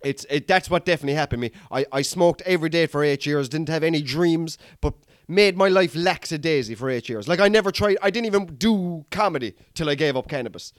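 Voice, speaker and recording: This fast-talking Irish comedy podcaster, his pitch fairly high, rambles through a sweary story and keeps calling his audience lads. It's a casual storytelling monologue recorded dry at studio quality.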